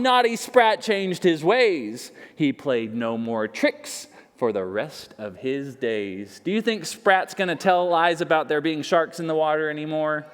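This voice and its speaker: A man in a library reading a picture book aloud to children, playful and animated, asking them questions. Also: fairly high pitch, unhurried, few pauses, clear, resonant tone. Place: library story room. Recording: long reverb in a large room.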